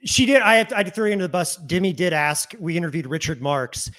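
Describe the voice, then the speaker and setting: A man's voice: high voice, lively intonation, quick pace, a bit bright. A man from Missouri co-hosting an interview, asking playful, teasing questions. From Missouri, USA. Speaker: co-host. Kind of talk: casual interview chat.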